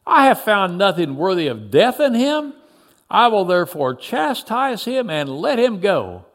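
A man reads the part of a stern Roman governor in a storytelling, drawing out each archaic question slowly. The voice sits high and moves widely, rising sharply when he protests. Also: huge pitch swings, exaggerated voice. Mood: stern, pleading. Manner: slow, solemn archaic speech.

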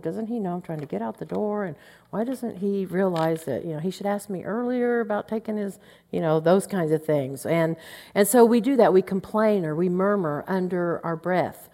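A middle-aged Oklahoma woman teaches a women's Bible study in a chatty, anecdotal style, acting out little grumbles under her breath. Her medium-pitched voice is a little mellow, with long hall reverb in the recording.

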